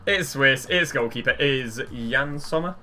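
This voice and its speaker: A young man chatting casually through pack openings, rambling and getting excitable at big pulls. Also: mid-range voice, measured pace, soft background music. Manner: excitable, chatty, rambling, gets loud at walkouts. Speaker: gaming YouTuber.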